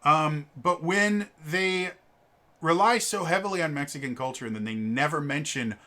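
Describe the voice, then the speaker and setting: A man giving a casual spoken review of a tabletop game book, halting with lots of fillers and stammered repeated sounds, opinionated and exasperated. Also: fairly high pitch, bright, forceful tone. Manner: opinionated, exasperated about stereotypes.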